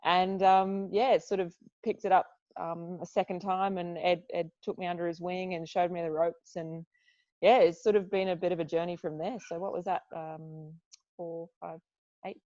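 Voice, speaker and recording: Aussie woman in her 20s, athlete, chatty storyteller, lowish voice, dull dry sound. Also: normal speed, dry recording. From Australia. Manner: lively storyteller, acts out quoted voices. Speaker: interviewee, Olympic modern pentathlete. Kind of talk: casual interview.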